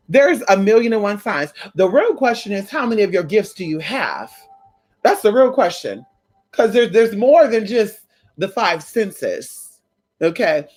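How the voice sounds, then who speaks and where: A spiritual content creator in casual, profane chat, telling stories straight to viewers with frequent "girl", "honey" and "y'all". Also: medium pitch.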